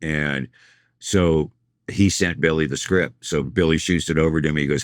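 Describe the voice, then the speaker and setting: A middle-aged man with a very deep voice tells road stories at a relaxed, rambling pace. He slips into quoted lines as he goes. The sound is close and dry. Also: normal speed, dry recording. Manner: rambling anecdotal storyteller, acts out quoted lines. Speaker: tour manager and guest. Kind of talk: casual storytelling interview.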